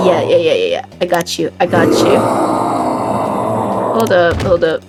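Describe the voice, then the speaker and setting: A young woman playing a game and commenting in an excitable, chatty way. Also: lowish voice, a little slow, long pauses. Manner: excitable, chatty, gasping and laughing. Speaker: let's play gamer. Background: game music.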